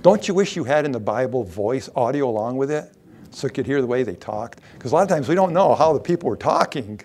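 A man's voice: medium pitch, expressive, fast, darkish tone. A middle-aged man preaching a sermon, asking rhetorical questions and reading scripture aloud.

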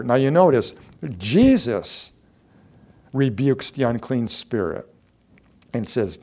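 In a slow sermon full of long pauses, a man with a medium-pitched voice and big pitch swings preaches as a pastor. He is earnest and emphatic, alternating quiet asides with loud declarations and repeating words for stress.

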